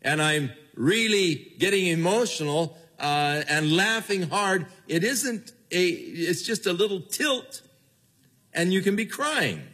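Slow, earnest older male preacher. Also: sing-song. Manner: slow, earnest preaching that drops low and soft at phrase ends. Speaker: pastor. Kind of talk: sermon.

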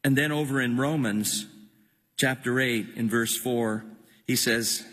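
A man's voice: mid-range voice, a little slow, fairly bright tone, long reverb tail. A man preaching a sermon with impassioned, emphatic delivery, often repeating his words.

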